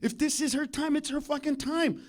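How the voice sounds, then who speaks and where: A man doing a live stand-up comedy set on a club stage, ranting and profane, swinging between loud outbursts and mock-serious asides. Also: very high-pitched, steady tone, normal speed.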